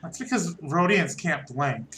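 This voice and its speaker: A man narrating as game master of a tabletop game, halting and full of fillers. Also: fairly high pitch, animated, pushed and bright, low-quality recording. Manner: halting, lots of fillers and restarts.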